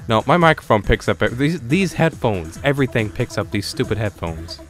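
A man's voice: medium pitch, sing-song, brisk, a bit bright, faint music behind. A man hosting a casual podcast, rambling and joking crudely over a voice call on a headset mic. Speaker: podcast host. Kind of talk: casual chat.

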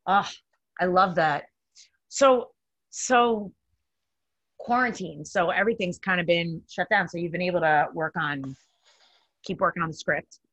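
Upbeat, husky woman host. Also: on the low side, unhurried, pauses often, a bit bright, dry recording. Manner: upbeat, laughs easily. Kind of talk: casual chat.

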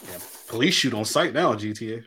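A man co-hosting a podcast, telling stories in an animated, casual way. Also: medium pitch, fast talker, slight background noise. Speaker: podcast co-host. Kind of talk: casual chat.

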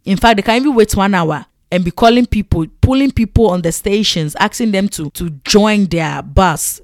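A woman from Ghana with a Ghanaian English accent, telling animated, exclamatory stories to the camera and acting out her own past reactions. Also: mid-range voice, normal speed, dry recording, clean studio sound. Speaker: vlogger. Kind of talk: casual storytelling to camera.

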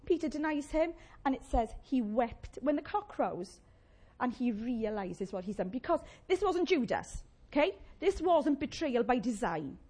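A woman preaching a sermon, animated and conversational, with playful asides to the congregation. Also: high-pitched, unhurried, hardly any pauses.

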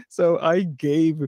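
A man's voice: fairly high pitch, mellow, no room sound. Laughing, rambling young man from Philadelphia. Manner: laughing, rambling, acts out quoted voices. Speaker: podcast co-host. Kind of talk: casual storytelling chat.

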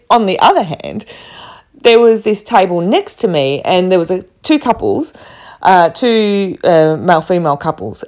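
Chatty Australian woman, lively pitch. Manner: chatty and rambling, many fillers and restarts. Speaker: travel vlogger. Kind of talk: casual storytelling to camera.

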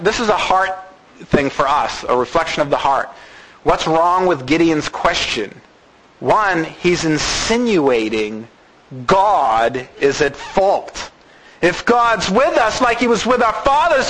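A man preaching a sermon in an animated way, acting out the voices of the people he talks about. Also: high voice, unhurried, a little hiss or hum, poor audio.

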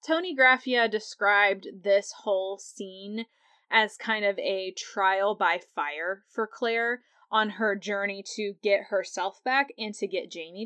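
A young woman hosts a podcast, talking through an episode in a loose, chatty way. Her voice sits at an ordinary middle pitch, and she laughs often. The sound is dry and close to the mic. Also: fairly bright tone, clean tone, no echo. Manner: chatty, laughs often, acts out quotes in a higher voice. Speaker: podcast host. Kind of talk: casual episode recap.

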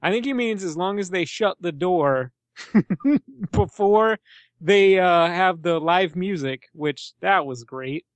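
A man's voice: sits high, takes it slowly, no room sound. A young man co-hosting a podcast, chatting casually about a film, laughing often and swearing freely. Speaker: podcast co-host. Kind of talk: casual film-discussion chat.

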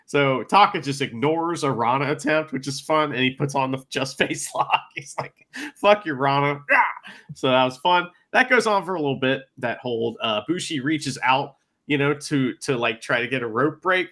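A man co-hosting a podcast, recapping wrestling matches in casual chat, excitable and swearing freely. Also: medium pitch, moderate pace. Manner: excitable, swears a lot, plays out wrestlers' shouts. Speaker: podcast co-host.

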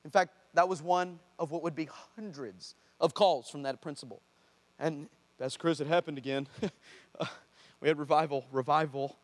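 A man, a pastor telling a story in a sermon, animated and acting out the people in it. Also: a little high, normal speed. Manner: animated, acts out shouts and voices of people in his story. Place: church hall before a congregation.

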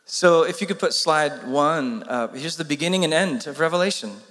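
A man's voice: a little high, normal speed, hardly any pauses, fairly bright tone, big-room sound. A man preaching a sermon with urgent emphasis, asking the congregation rhetorical questions. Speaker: pastor.

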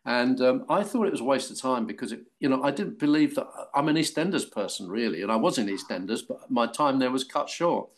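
In an anecdotal interview, an older Englishman who acts tells lively career stories, voicing the people he quotes and laughing frequently. He speaks fairly quickly in a mid-range voice, barely pausing.

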